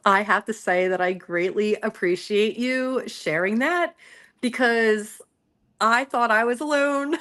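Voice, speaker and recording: A woman guest in a casual chat, talking openly with many fillers. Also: a little high. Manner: warm, grateful, chatty with fillers. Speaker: guest contributor.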